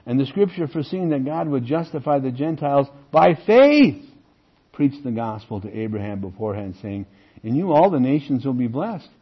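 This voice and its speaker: A man's voice: mid-range voice, big pitch swings, normal speed, slightly rough. A man teaching through Bible passages, reading verses aloud with emphasis and asking rhetorical questions. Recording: muffled lo-fi recording.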